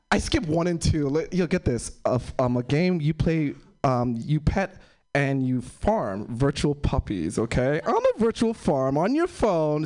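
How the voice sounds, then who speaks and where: Rambling young man doing stand-up. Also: darkish tone. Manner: rambling, halting storyteller with many fillers and sudden high-pitched outbursts. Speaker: stand-up comedian. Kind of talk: stand-up comedy set.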